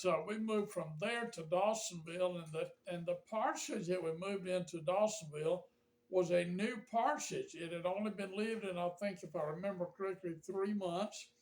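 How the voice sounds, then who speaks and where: Older man, folksy and rambling. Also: sits high. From Georgia, USA. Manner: folksy, rambling, with frequent fillers and restarts. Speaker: pastor. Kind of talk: casual reminiscing monologue to camera.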